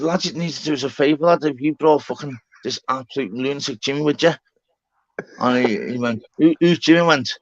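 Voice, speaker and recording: A man telling a story on a live panel, excitable and sweary, acting out both sides of the conversation. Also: fairly high pitch, no echo. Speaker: streamer. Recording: slightly dull lo-fi call audio.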